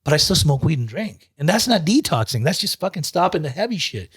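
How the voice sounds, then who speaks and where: A recovery coach telling his story as a guest, in a profane, animated, streetwise way. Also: a little high, a little fast, breathy edge. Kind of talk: casual storytelling.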